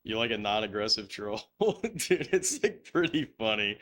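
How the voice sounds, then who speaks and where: Very animated and forceful, a man with a low, bright voice streams a game at a moderate pace, with slight background noise. His loose chat wanders through stories full of laughing, cursing, and silly put-on voices.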